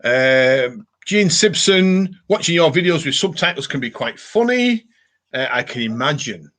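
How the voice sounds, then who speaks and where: A man's voice: a little high, big pitch swings, unhurried, a bit bright. A man hosting a casual live stream, reading viewer comments aloud and rambling with many fillers and restarts.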